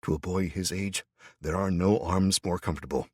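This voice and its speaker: A man's voice: low voice, normal speed, slightly rough, no echo, clean studio sound. A middle-aged man narrating an audiobook in first person with tense, dramatic storytelling.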